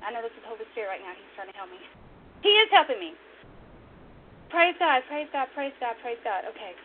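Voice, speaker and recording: A high-pitched woman preaches and rambles on her own online talk show, repeating her points with fervor. The sound is thin and phone-like, with a faint hiss underneath. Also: lively intonation, fast talker. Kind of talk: impassioned religious talk show. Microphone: online radio stream. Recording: tinny phone-line audio, faint noise.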